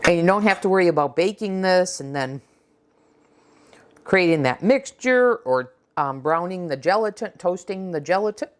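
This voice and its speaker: A woman's voice: fairly low pitch, animated, normal speed. A woman hosting a casual cooking vlog, talking chattily with fillers and restarts as she runs a taste test. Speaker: cooking channel host.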